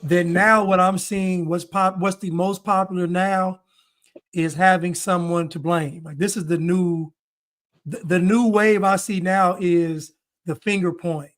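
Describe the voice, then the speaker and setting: A man's voice: sits high, steady tone, unhurried, a bit bright. A man hosting a podcast, talking bluntly and emphatically in casual chat, laughing often. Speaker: podcast host.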